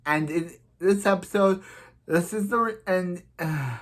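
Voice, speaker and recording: A man's voice: high-pitched, a little slow, fairly bright tone. A young man casually recapping and ranting about a TV episode, rambling with many restarts and growing heated. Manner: rambling, repeats "he's like" and "so yeah", heated. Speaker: TV episode reviewer.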